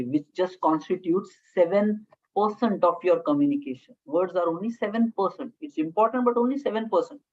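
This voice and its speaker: A woman with an Indian English accent gives a classroom lecture as a communication trainer. Her voice sits fairly low, and she breaks her points into short phrases punctuated by "okay?". The recording sounds dull and lo-fi. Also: a little mellow. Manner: talks in short phrases with frequent "okay?" check-ins, mixes Hindi into English.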